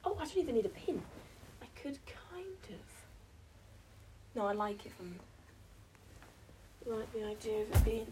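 In a noisy recording, a young British vlogger speaks slowly with long pauses and lively intonation at a medium pitch. She's at home indoors building a blanket fort, chatting casually to herself and her pets and often lowering to whispers, slightly out of breath with a mild cold.

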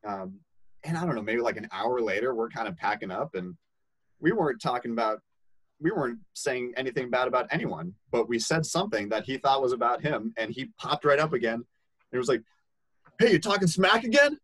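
A man's voice: medium pitch, fairly quick, no room sound, rough recording. Young guy telling a camp story, chill, lots of likes and ums, dry close sound. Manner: animated, laughing, acts out quoted voices. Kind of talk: casual storytelling.

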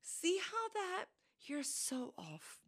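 A woman's voice: extremely high pitch, wildly swooping pitch, slow pace, fairly bright tone. A woman from New York co-hosting a podcast, teasing her friend and quoting others in a casual chat. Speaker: podcast co-host.

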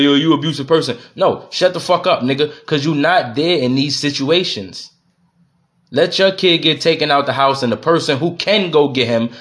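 A man's voice: on the high side, a bit bright. A man, hosting a podcast and venting in a heated, profane monologue, repeating himself as he goes. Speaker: podcast host.

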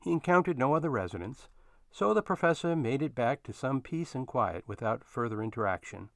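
A man narrating a story in an expressive storytelling manner. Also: mid-range voice, fairly quick, vocal fry, no room sound, studio quality.

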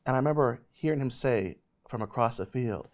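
A man in his thirties, host of a ministry show, telling a personal faith testimony in an animated, emphatic way. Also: medium pitch, fairly quick. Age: 30s.

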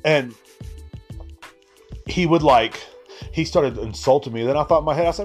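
A man's voice: fairly high pitch, moderate pace, pauses often, soft background music. A man hosting a podcast, rambling through a casual, profane solo rant. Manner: rambling, profane, laid-back. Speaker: podcast host.

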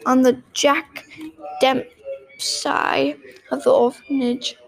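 A woman's voice: sits high, little pitch movement, very slow, creaky, exaggerated voice. A woman voicing a sweet twelve-year-old orphan girl with plain, folksy speech.

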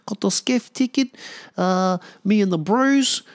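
A man's voice: sits high, measured pace, smooth, voice pushed up. A man putting on a New Zealand accent as a laid-back young Kiwi worker bloke, slangy and easygoing. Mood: cheery. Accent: New Zealand, put on. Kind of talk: casual vlog chat.

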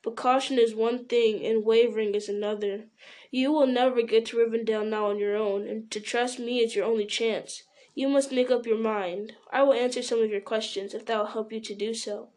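A woman voicing a grim, weathered male ranger, speaking firmly and in a measured way in an audiobook. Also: on the high side, steady tone, a little mellow, lightly acted. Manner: firm and measured.

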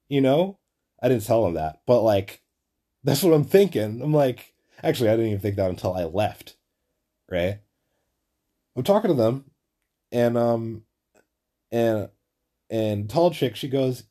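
A man's voice: lowish voice, normal speed, mellow. A young man, host of a podcast, telling a story in a casual, profane, rambling monologue full of "like". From Flatbush, Brooklyn. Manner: profane, rambling, heavy use of "like".

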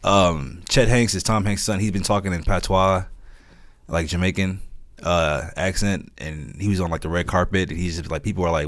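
A man co-hosting a film podcast, reading out news items quickly and casually with jokes. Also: sits low, fairly even intonation, no echo. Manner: quick, joking, reads out news points. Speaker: podcast co-host. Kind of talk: casual chat.

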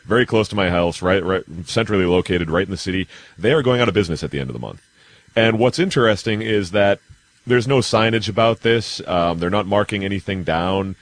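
A man chatting casually as a podcast guest, rambling and quick to laugh. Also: deep voice, no room sound. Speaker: podcast guest, anime columnist. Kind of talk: casual chat.

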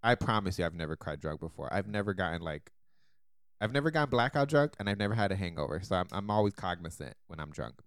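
A man co-hosting a podcast, telling a story with animated energy and laughing often. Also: lowish voice, quick pace, clear, resonant tone, no echo, clean studio sound. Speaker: podcast co-host. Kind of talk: casual chat.

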